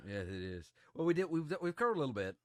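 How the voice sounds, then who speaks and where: A man's voice: a little high, very animated, quick pace, a bit bright, no echo, studio quality. A man co-hosting a podcast about tabletop game rules, agreeable, backing up his partner with short replies. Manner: agreeable, backs up the other host with short replies and laughs. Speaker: podcast co-host.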